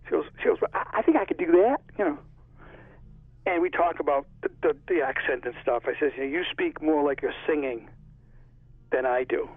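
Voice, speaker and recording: A man with a Connecticut accent and a fairly high, husky voice speaks at a normal speed, pausing often, with no echo. He's an author in a casual interview, rambling through stories, and the audio has the tinny sound of a phone line.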